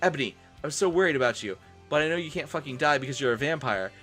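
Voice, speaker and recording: Frantic goth woman professor as a man puts her on, fast, raised voice. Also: fairly high pitch, animated, a bit bright, faint music behind, voice pushed up.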